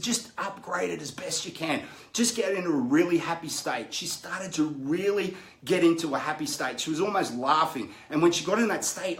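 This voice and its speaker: A man's voice: a little high, fairly bright tone. Man coaching in a roomy space. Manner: conversational, keeps checking in with "right?" and "make sense?". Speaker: personal development coach. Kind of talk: teaching session with personal stories. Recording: roomy echo.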